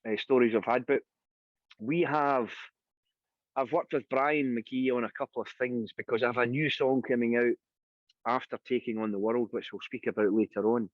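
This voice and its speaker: A Scottish singer being interviewed, telling anecdotes in a casual, animated way and acting out the voices of the people in them. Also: male voice, mid-range voice, moderate pace, no echo. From Scotland. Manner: lively anecdotal storyteller, acts out quoted voices. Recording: dry, dull lo-fi sound.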